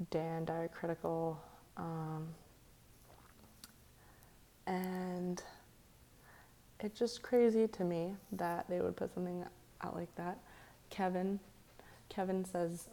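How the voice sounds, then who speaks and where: A young woman hosting a late-night live stream, talking low and softly, half whispering at times so she won't wake anyone. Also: fairly even intonation, slow, gravelly, pauses often. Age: young adult. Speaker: livestream host. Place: echoey room at night.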